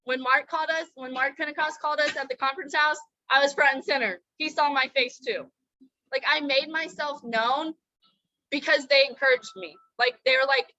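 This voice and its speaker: High, bright, fangirling young woman. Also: moderate pace, dry recording, highs cut off. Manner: excitable, fangirling, rambling. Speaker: co-host. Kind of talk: casual podcast chat.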